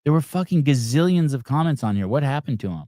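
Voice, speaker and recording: A man's voice: medium pitch, lively intonation, fast talker, dark tone, dry recording, clean studio sound. A man hosting a live podcast, reacting to videos in a blunt, profane rant. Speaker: podcast host.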